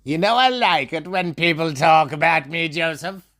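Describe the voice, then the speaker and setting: A man telling a story as a theatrical monologue, swinging between a bright sing-song voice and low sneering tones and calling out to imagined listeners by name. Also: animated, moderate pace.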